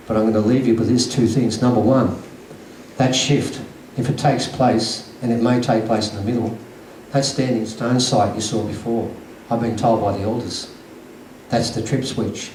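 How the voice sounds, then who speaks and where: A man's voice: medium pitch, darkish tone. Man, conference speaker, earnest emphatic storytelling, echoey hall, distant mic, faint room hum. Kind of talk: lecture to an audience.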